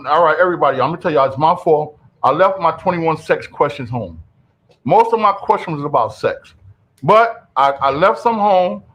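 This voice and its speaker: A man hosting a radio show in casual, animated chat, calling out to his co-hosts and listeners. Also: high voice, poor audio. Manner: animated, loud, quick repeated calls of "yo".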